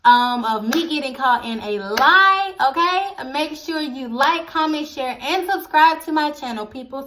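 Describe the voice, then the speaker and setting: A young woman, casually telling a storytime vlog, animated and addressing viewers directly. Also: high voice, a little slow, hardly any pauses. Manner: animated, acts out quoted voices, addresses viewers as y'all. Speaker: storytelling vlogger.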